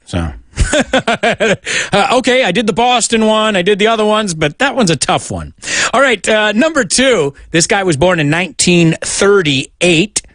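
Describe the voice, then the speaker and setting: A man's voice: on the high side, a bit bright, dry recording. American radio guy teaching english, jokey, voice jumps all over, dry close mic. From United States. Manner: chatty, jokey, switching between English and Spanish. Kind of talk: bilingual radio show, English lessons in Spanish.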